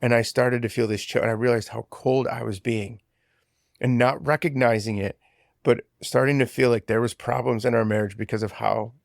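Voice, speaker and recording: A man's voice: medium pitch, steady tone, moderate pace, gravelly, no echo, clean studio sound. A man in his twenties giving an earnest, emotional personal testimony as a podcast guest, with frequent fillers. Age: 20s.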